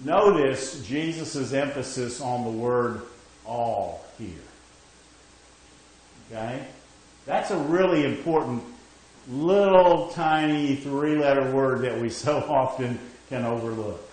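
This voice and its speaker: A man's voice: mid-range voice, slow pace, darkish tone, heavy reverb, rough recording. A man preaching a sermon, emphatic, checking in with his listeners with "okay?" as he goes. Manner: emphatic, rising and falling, frequent "okay?" check-ins.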